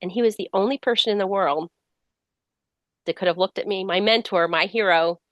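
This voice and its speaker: With a medium pitch and a fairly quick pace, a middle-aged woman author with a slight cold guests on a casual interview. She tells stories vividly, acting out the dialogue, with no echo.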